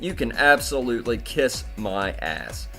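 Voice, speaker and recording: A man's voice: mid-range voice, big pitch swings, a little slow, sharp tone, soft background music. Angry, cursing man ranting about crypto. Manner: profane, heated ranting. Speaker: crypto video host. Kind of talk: angry crypto news commentary.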